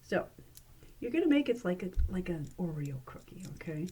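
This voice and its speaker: A woman's voice: fairly low pitch, sing-song, moderate pace, warm tone, husky. A woman librarian casually walking viewers through coin tricks, chatty and playful, laughing at her own slips. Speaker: librarian demonstrating magic tricks. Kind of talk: casual how-to demonstration. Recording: noisy room with clicks.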